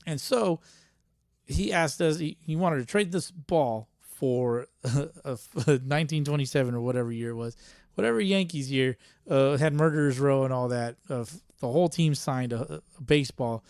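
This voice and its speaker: A man's voice: mid-range voice, normal speed, a little mellow, no echo, studio quality. A man hosting a solo podcast in a casual, rambling rant, profane and laughing often, a little tipsy. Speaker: podcast host.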